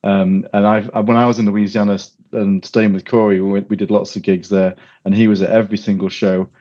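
A man hosts a casual podcast chat. His voice is on the low side and he rambles good-naturedly. The recording is dull and lo-fi. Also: flat delivery, brisk, warm tone. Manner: chatty, rambling, laughs often. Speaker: podcast host. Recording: dull lo-fi audio.

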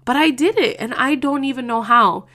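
Her voice is high-pitched, pushed and bright, at an ordinary speed, as she hosts a loose podcast monologue. The talk is emotional and blunt, full of swearing, with a heated edge and plenty of rambling restarts.

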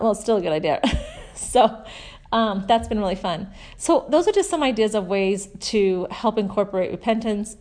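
A woman in her forties, a mother talking through a faith story and scripture lessons in a chatty, earnest way, softer when she reads verses. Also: medium pitch. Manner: chatty storytelling, warm earnest asides with soft laughs. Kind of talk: casual religious talk.

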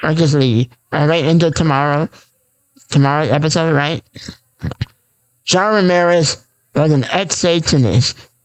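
A man's voice: a little high, a little slow, pauses often. A man hosting a raw, unscripted solo podcast, rambling and repeating himself with lots of fillers and restarts. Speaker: podcast host.

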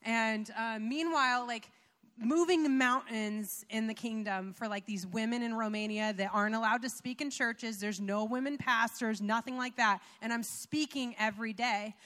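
A woman's voice: on the high side, steady tone, normal speed, a bit bright. A young woman giving a chatty, personal testimony during a sermon, full of fillers and little laughs. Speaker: pastor's wife sharing testimony. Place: church sanctuary. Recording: reverberant church hall.

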